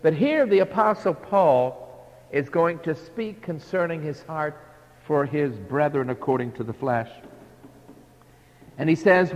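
A man preaching a sermon verse by verse, emphatic, acting out imagined objectors and swinging between loud and quiet. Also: fairly high pitch, measured pace, long pauses, long reverb tail, low-quality recording. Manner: emphatic, acts out imagined speakers, rises and drops in volume.

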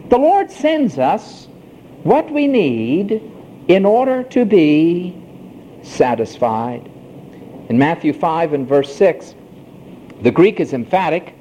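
A man preaching with a high, lively voice that climbs and dips through slow, drawn-out phrases. His tone is mellow and dark despite the height. The recording is dull and lo-fi, with a faint hiss underneath. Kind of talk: sermon.

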